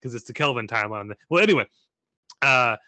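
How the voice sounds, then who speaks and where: Man impersonating chatty sci-fi geek pal, tangents galore, bright tone, dry close mic. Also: medium pitch, lively intonation, fairly quick, dry recording. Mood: gushing. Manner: chatty, digressive, gushing. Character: rambling male sci-fi fan co-host.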